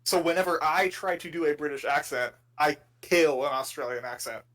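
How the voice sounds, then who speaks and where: A man's voice: a little high, moderate pace, a bit bright, poor audio. A man co-hosting a sports podcast, chatting casually and joking through rambling stories with restarts. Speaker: podcast co-host.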